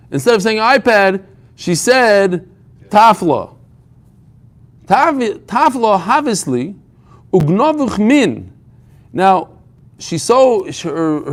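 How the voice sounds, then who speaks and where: Animated joking man teaching Talmud. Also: high voice. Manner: lively, joking, quick asides. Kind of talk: daily Talmud class.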